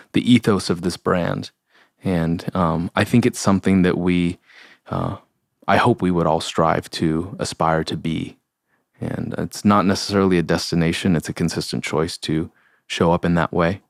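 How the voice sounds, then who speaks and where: Young guy, low gravelly voice, earnest and halting, dry close sound. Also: no room sound. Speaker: podcast host. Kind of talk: solo reflective podcast talk.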